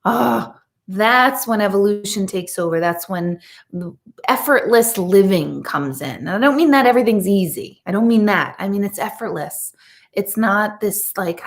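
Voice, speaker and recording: Woman medium chatting live with viewers; emphatic and animated, casual fillers. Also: mid-range voice. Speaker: intuitive medium.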